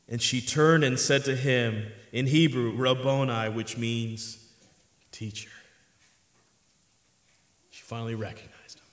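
Expressive preacher in an echoey hall. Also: male voice, mid-range voice. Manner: expressive, swings between hushed and emphatic. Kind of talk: sermon. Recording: echoey hall with long reverb.

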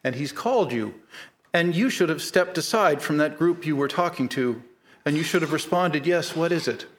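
A middle-aged man preaching a sermon, earnest and measured, slowing down to stress key points. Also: fairly high pitch, lively intonation. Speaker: pastor.

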